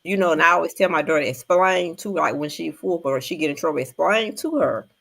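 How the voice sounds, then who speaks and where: Gravelly older woman storyteller. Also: sits low, fairly quick. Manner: animated storytelling with voiced quotes. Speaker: panelist. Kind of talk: casual chat.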